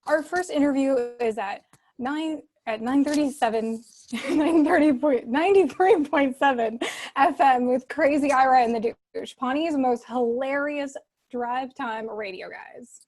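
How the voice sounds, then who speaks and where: A woman reading the part of an eager, peppy town official in a script reading. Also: sits high. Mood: upbeat. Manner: bubbly, rapid excited delivery. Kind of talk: script reading over video call.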